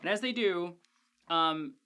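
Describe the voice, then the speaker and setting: A woman's voice: fairly low pitch, takes it slowly, bright, forceful tone, smooth. A woman hosting a TV after-show, reviewing an episode in a casual, joking way with frequent swearing. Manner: chatty, profane, joking asides.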